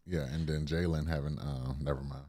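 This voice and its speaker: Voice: extremely low pitch, steady tone, fairly quick, dark tone, no room sound, clean studio sound. A woman co-hosting a podcast in casual chat, blunt and swearing freely, with short replies. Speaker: podcast co-host. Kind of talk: casual chat about TV shows.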